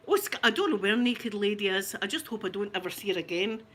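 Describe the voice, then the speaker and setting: A woman with a Scottish accent telling a family story in casual talk, animated and often laughing. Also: fairly high pitch, a little hiss or hum. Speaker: ASMR channel host telling a family story.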